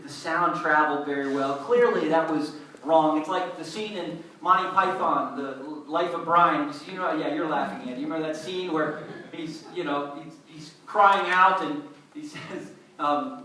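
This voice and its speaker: A man preaching a sermon to a congregation, in a lively, conversational way, acting out the voices of doubting listeners. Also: a little high, slight background noise. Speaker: pastor. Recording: echoey hall, mic from a distance.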